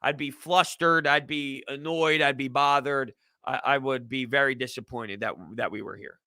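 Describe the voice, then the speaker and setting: A man's voice: mid-range voice, steady tone, normal speed, bright, forceful tone, smooth, dry recording, studio quality. A man hosting a casual livestream sports talk show, emphatic and repetitive as he vents frustration. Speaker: host.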